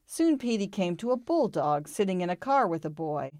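A woman reading a children's storybook aloud in a calm, expressive way. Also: on the low side, moderate pace, no echo, studio quality.

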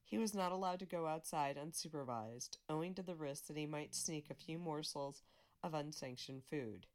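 A woman volunteer reader reading a magazine article aloud in a steady, measured way, with small slips she corrects herself. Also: low voice.

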